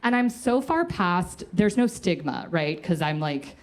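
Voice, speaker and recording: A young woman tells a comic story from a stage, her voice sitting a little low but swinging widely as she acts out friends, nurses and her own panic. She mocks herself, laughs through lines and talks straight to the crowd. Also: measured pace. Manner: animated, self-mocking, acts out quoted voices with laughs. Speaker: comedian telling a story on stage. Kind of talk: stand-up storytelling to a live audience.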